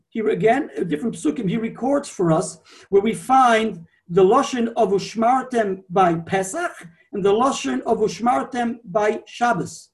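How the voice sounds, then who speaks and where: A man gives a Torah class, explaining his points at length and wandering into asides. His voice sits high for a man. He sounds set back from the microphone. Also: recorded from a distance. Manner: explanatory, digressive, repeats himself. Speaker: Torah teacher.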